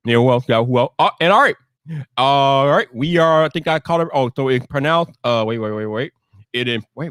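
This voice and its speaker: Excitable man hosting a live stream. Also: sits high, no room sound, clean studio sound. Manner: energetic, shouting greetings to viewers. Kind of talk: casual live stream chat.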